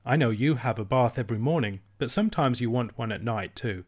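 A man reading as a gentle, wise fairy grandmother. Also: mid-range voice, lively intonation, brisk, lightly acted. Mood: tender. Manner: tender, reassuring.

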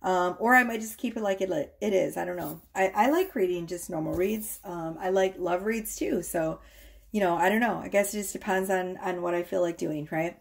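A woman tarot reader chatting casually to her viewers, rambling a little and often checking in with a quick "okay?". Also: on the low side, vocal fry.

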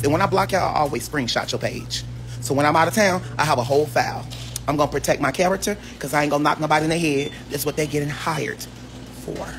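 A man ranting on a casual phone livestream, flamboyant and sassy, with sudden shrieks and high exclamations. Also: background noise. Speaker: social media personality on a livestream.

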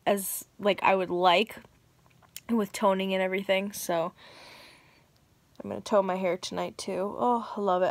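A young woman talks straight to the camera in a casual vlog and swears without a second thought. Her voice sits at a middle pitch. The sound is close and dry, with no room echo. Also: a bit bright. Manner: chatty and frank, swears freely. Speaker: vlogger. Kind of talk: casual chat.

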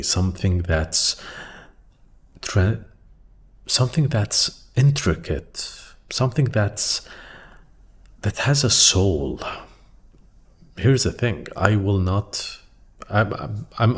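A man with a very deep voice talks slowly and thoughtfully into a microphone in a quiet room. He muses aloud, restarting phrases and letting them trail off softly. A faint background noise sits under the recording. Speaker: podcast host. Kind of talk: reflective solo monologue. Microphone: studio microphone.

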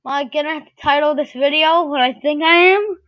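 A woman's voice: high-pitched, fairly quick, lo-fi sound. A woman doing casual game commentary while opening card packs, swearing freely and shrieking whenever a good player shows up. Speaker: gaming video creator.

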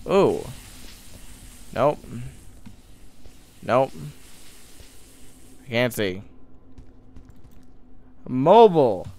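Young man, horror game commentary, very slow drawl, lively pitch, muttering, jumpy outbursts. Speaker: gaming YouTuber.

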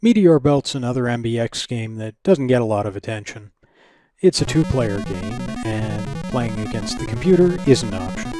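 A man's voice: medium pitch, darkish tone. A man hosting a retro computing channel, narrating a scripted review in a dry, wry, analytical way.

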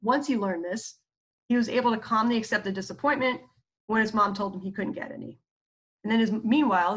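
A woman's voice: medium pitch, fairly bright tone. Chatty woman teaching therapy skills. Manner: chatty, many fillers and asides, acts out quoted speech. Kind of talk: casual lecture.

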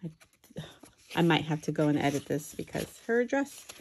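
A woman chatting excitedly while unboxing a craft swap package, with self-deprecating asides. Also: low-pitched, normal speed, creaky, a little hiss or hum. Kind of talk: casual unboxing commentary. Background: paper crinkling and clicks.

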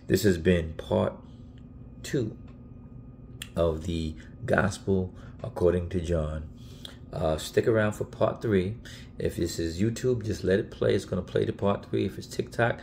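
A man's voice: sits low, vocal fry, darkish tone, slight background noise. A man preaching in a casual Bible teaching video, earnest and emphatic, often repeating himself and restarting phrases.

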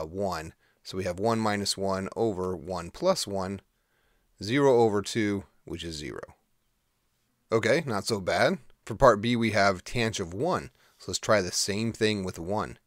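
Low-voiced man teaching math casually. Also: a bit bright, no echo, clean studio sound. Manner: casual, conversational explaining. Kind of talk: recorded math lesson.

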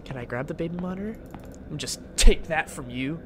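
A man's voice: on the high side, expressive, fairly quick, background noise. A young man commentating a horror game he is playing, joking around, swearing and yelping at the scares. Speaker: gaming channel host.

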